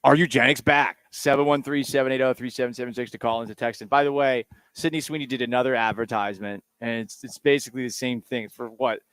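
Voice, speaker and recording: A man's voice: medium pitch, fairly even intonation, fast talker, hardly any pauses, fairly bright tone, clear, resonant tone, no room sound. A man hosting a sports radio show, talking casually in a sarcastic, rambling, self-mocking way.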